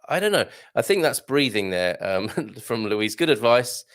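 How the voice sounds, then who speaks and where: A man's voice: on the low side, animated, a little slow, gravelly. A man hosting a live stream, reading viewer comments and musing aloud in a wry, rambling way. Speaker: online community host.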